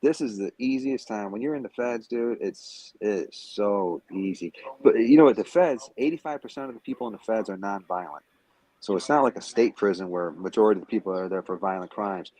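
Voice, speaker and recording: A fairly low, slightly mellow voice comes through a low-quality recording as a remote stream guest in Las Vegas talks fairly quickly. He is heated and confrontational, swearing at a rival and taunting him throughout the livestream.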